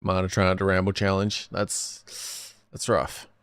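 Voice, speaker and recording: A man's voice: low voice, takes it slowly, smooth, no room sound, clean studio sound. A man streaming casually, rambling and correcting himself as he reacts to videos. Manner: rambling, self-correcting, lively.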